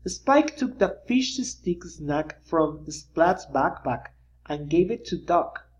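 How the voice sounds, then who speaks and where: Slow, lively children's story reader. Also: medium pitch, lo-fi sound. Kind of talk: children's read-aloud.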